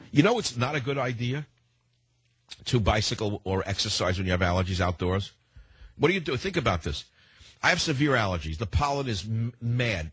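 An older man with a thick New York accent holds forth as a talk radio host, combative and rambling, circling back over his own words. His voice sits low and husky, recorded dry and close. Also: fairly bright tone, no echo. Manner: combative, rambling, repeats himself. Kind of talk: opinionated talk radio monologue.

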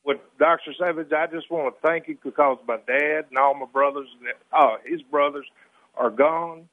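A man's voice: a little high, moderate pace, dry recording. A man from Alabama with an Alabama accent, calling in to a radio show earnestly and gratefully. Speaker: caller. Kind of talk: call-in radio conversation. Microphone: telephone. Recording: tinny phone line.

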